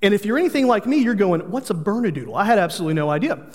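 Pastor guy, high voice, earnest preaching w/ jokes, big echoey hall. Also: big pitch swings, very fast. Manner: earnest, storytelling with humor. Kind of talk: sermon.

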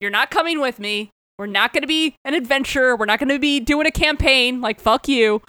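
A woman putting on a cranky barbarian warrior who spits curses in irritable outbursts. The voice pushes higher and louder than her normal talk. It sounds close and dry. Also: brisk, no echo. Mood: annoyed. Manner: gruff, cursing, irritable outbursts. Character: grumpy foul-mouthed male barbarian.

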